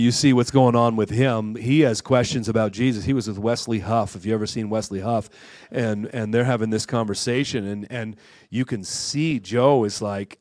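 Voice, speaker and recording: A man's voice: on the low side, a little mellow, no echo, studio quality. A man preaching a sermon at a church conference, repeating and restarting words as he builds to fervent, rising calls. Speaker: guest preacher.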